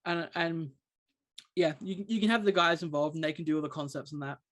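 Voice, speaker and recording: A man's voice: fairly high pitch, fairly quick, fairly bright tone. A man telling a long story as a podcast co-host, rambling with many restarts. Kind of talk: casual chat.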